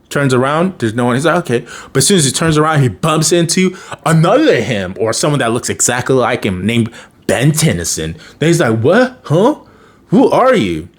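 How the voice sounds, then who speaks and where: Man, cartoon reviewer, casual recap, rambling delivery, very animated pitch, mid-range voice. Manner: rambling, full of fillers and restarts.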